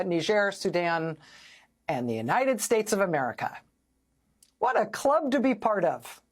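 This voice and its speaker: A woman hosting a news show, delivering sarcastic, incredulous political commentary. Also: on the high side. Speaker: host.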